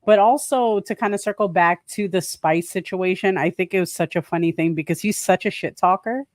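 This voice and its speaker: A woman's voice: fairly low pitch, fairly quick, no echo, clean studio sound. A young woman co-hosting a podcast, chatting casually and affirming her partner often. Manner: relaxed, chatty, frequent affirming murmurs. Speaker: podcast co-host. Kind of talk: casual book discussion.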